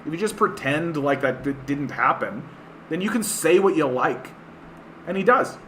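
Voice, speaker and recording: Canadian male streamer, bright voice, scornful filler-heavy rant. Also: a little high, lively intonation, normal speed, slight background noise. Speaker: livestream host. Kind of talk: ranting political commentary.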